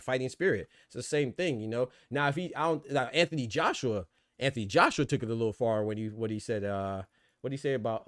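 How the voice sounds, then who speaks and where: A man hosting a boxing podcast talks at a rapid clip, doubling back on words as he builds his point. His voice sits at an ordinary pitch and the sound is dry and close, with no room around it. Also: no room sound. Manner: fast, animated, repeats words while thinking. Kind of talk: casual podcast debate.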